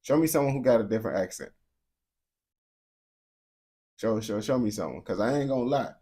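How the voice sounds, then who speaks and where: A young man from the United States streams to his chat in a casual, unscripted rant, talking bluntly with heavy slang. His warm, medium-pitched voice moves a little fast, and he often restarts and repeats words.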